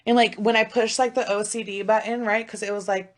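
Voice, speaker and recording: Woman, thirties, podcast co-host, casual chat, animated storytelling, swearing, loud-to-hushed swings, middle pitch. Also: fairly quick.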